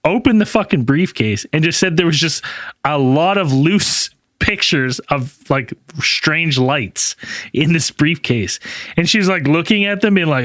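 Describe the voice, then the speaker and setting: A man's voice: a little high, expressive, unhurried, fairly bright tone, no echo. A man co-hosting a casual podcast chat, telling a story with lots of swearing and acting out the people in it. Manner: profane, acts out quotes in raised voices. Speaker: podcast co-host.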